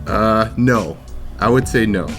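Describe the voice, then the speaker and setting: A man's voice: on the low side, slow, a bit bright, faint music behind. A man chatting casually on a headset call, hesitant and easygoing. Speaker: colleague on a call. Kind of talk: casual chat.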